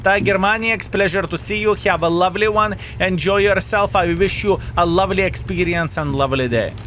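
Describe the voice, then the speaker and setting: A man's voice: high-pitched, fairly quick, a bit bright, a little hiss or hum. A man streaming a tank game, commenting on the action, swearing and thanking chat viewers by name. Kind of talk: live gameplay commentary and chat reading.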